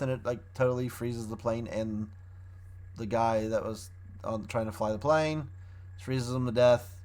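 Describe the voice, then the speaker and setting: A man reviewing a show in a casual, rambling way, often restarting his sentences as he recaps the plot. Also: mid-range voice.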